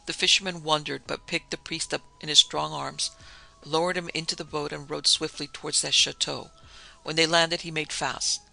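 Guy narrating a ghost story, rough gravelly voice, pretty flat delivery, sharp bright tone. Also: on the high side, faint music behind, rough recording. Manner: measured, solemn reading. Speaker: narrator and podcast host. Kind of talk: scripted narration of a gothic story.

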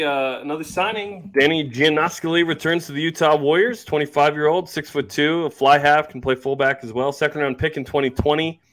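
A man hosting a sports podcast, chatting casually and joking with plenty of fillers. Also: a little high. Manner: relaxed, joking, frequent fillers. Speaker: podcast host.

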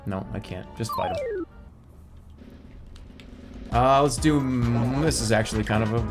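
A man streaming a video game, talking to chat in an animated way with sudden yelps and casual swearing. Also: medium pitch, measured pace. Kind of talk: live gaming stream commentary. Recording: game music in background.

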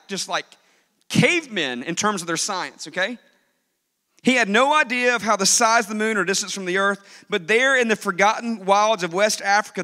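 A male pastor preaching a sermon, telling stories with lively swings between hushed and loud delivery. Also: sits high, long reverb tail. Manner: animated storytelling preacher, swings from soft to loud.

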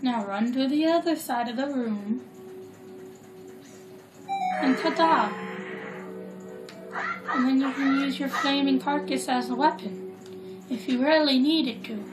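A woman gives rambling, jokey, casual let's play commentary while playing a video game, chatting away with jokey asides. Her voice is high at a normal speed, with roomy echo and loud game music in the recording.

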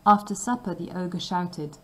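A woman narrating a fairy tale for language learners with clear, measured reading. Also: fairly low pitch, a bit bright, low-quality recording. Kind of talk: scripted storybook narration.

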